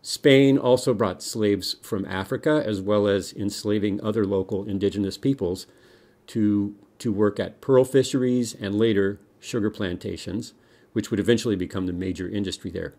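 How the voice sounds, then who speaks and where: A lower-pitched middle-aged man from the United States teaches kids a history lesson. He talks in a lively, explaining way and slips in small jokes. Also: normal speed. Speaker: music teacher.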